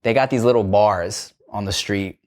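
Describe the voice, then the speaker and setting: A man's voice: lowish voice, normal speed. A man hosting a podcast, telling stories in a laid-back, jokey way with plenty of swearing. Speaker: podcast host. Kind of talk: casual chat.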